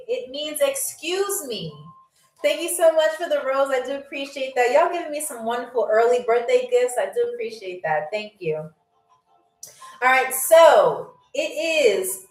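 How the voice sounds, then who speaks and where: Chatty, high-voiced woman game show host. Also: recorded from a distance. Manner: chatty and playful, laughs often, sounds words out slowly. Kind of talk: casual livestream hosting, reading out chat. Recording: echoey room, voice set back from the mic, faint music.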